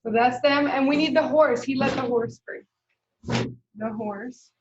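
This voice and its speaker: Slow, high-voiced kindergarten teacher. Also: female voice, muffled recording, a little hiss or hum. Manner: slow, patient, sounds out words letter by letter. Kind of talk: live online lesson, modeling writing.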